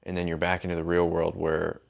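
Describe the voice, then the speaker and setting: A man's voice: low-pitched, fairly quick, vocal fry, lo-fi sound. A man hosting a podcast, chatting casually, telling stories and swearing freely. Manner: swears freely and tells stories with relaxed energy. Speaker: podcast host.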